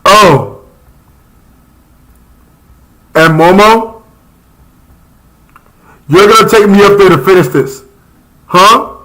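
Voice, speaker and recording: A young man talks through a live reaction stream with a high, bright voice. He rambles passionately in loose slang, often repeating himself as he gets carried away. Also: slow, low-quality recording. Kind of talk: casual live reaction chat.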